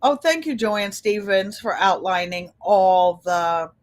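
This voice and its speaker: A woman's voice: mid-range voice, lively intonation, takes it slowly. A woman in her seventies with a Connecticut accent, chatting and telling stories to viewers on a live stream from a room at home. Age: 70s. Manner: chatty storyteller, addresses viewers as "you guys". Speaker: channel host. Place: indoor room with a large air conditioner. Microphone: computer.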